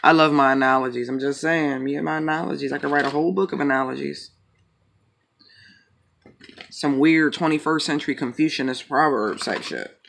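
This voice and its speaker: A man with a slightly high voice chats loosely before pulling tarot cards. He jokes, swears freely and drifts between tangents in a relaxed, rambling way. A faint hiss of noise sits under the recording. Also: brisk, vocal fry. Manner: joking, profane, rambling. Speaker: tarot reader. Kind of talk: casual chat and tarot reading.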